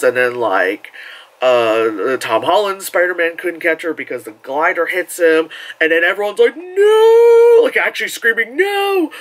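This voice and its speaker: A man reviews a film in a loose, chatty way. His voice sits a little high and swings widely up and down. He keeps tumbling over fillers and jumps into loud, shouted impressions of the crowd. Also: low-quality recording. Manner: rambling and animated, full of fillers, acts out shouts from the crowd. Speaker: movie reviewer. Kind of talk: casual spoken movie review.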